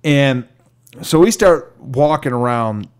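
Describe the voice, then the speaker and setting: A man's voice: medium pitch, slow pace, smooth. A man, a podcast co-host, telling a long story in a casual, rambling way and acting out the voices of the people in it. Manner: rambling, animated, acts out quoted voices.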